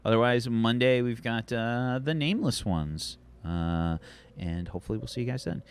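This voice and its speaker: A man's voice: mid-range voice, normal speed, clear, resonant tone. A man hosting a tabletop game livestream, rambling through thanks and plugs at the end of the show. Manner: rambling, grateful sign-off. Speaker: game master and host. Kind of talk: livestream outro.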